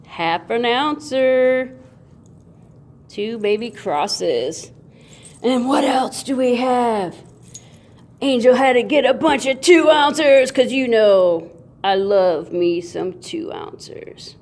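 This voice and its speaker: Slow-talking playful woman unboxing coins. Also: fairly high pitch, expressive, a little mellow. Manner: playful, sings and makes goofy sound effects. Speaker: coin channel host. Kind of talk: casual unboxing video.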